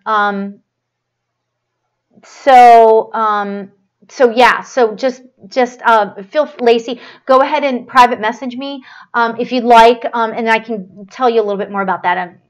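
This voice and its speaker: A medium with a fairly high voice hosts a live spiritual stream and gives a psychic reading. Her delivery rambles and halts, full of fillers and restarts, and her tone is gushing and affectionate.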